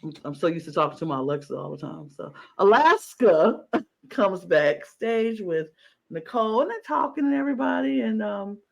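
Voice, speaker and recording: Gushing high-voiced male podcast co-host. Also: moderate pace, gravelly. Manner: animated and gushing, acts out his own reactions. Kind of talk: casual reaction chat.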